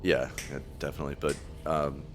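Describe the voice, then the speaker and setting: A man's voice: extremely low pitch, level tone, fairly quick, soft background music. A man chatting casually as a tabletop game player, rambling and laughing as he talks.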